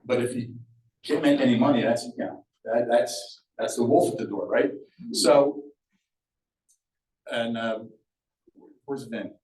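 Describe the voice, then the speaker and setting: Older storyteller man, roomy hall, heard from a distance, middle-pitched voice. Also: measured pace, pauses often. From Sea Isle City, New Jersey. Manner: lively and conversational, acts out quoted voices. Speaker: local speaker sharing memories. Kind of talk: public storytelling talk. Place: event room at a museum talk. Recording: roomy echo, mic far off.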